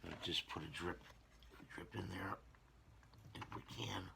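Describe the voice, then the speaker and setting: A man's voice: sits low, steady tone, measured pace, creaky, background noise. A man hosting a casual hobby repair vlog, rambling and talking to himself as he glues models together. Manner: rambling, talks to himself while gluing. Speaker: channel host repairing models.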